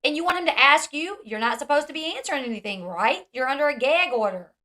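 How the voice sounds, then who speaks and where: A woman hosting a commentary vlog in a bright, forceful voice, pitched a little high. She is blunt and opinionated, with a sarcastic edge. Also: animated, fast talker. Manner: blunt, sarcastic, mimics others mockingly. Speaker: commentary channel host.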